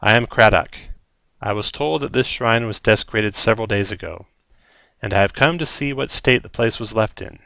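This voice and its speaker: A man voicing a booming storm giant. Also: normal speed, creaky, bright, forceful tone, no room sound. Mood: solemn. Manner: grave, solemn. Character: enormous male storm giant, contemplative and commanding.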